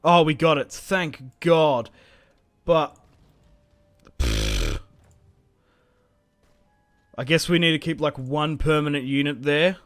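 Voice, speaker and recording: Young guy doing strategy game commentary, kinda high voice, excitable, lots of "like" and thinking out loud. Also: a little slow, no room sound, faint music behind. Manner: excitable, thinks aloud with frequent fillers. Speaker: gaming channel host.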